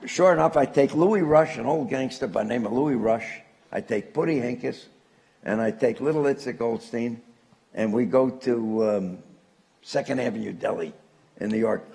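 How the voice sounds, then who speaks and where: An older man spins colorful anecdotes for an audience, building each punchline with a chuckle in his voice. His voice is gravelly and sits at an ordinary pitch. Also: normal speed, a little mellow. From Newark, New Jersey. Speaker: author and guest speaker. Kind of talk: storytelling to a live audience.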